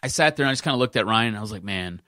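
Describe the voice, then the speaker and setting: A man's voice: mid-range voice, rapid-fire, pushed and bright, dry recording, clean studio sound. A man hosting a sports podcast, ranting in casual talk and repeating himself for emphasis.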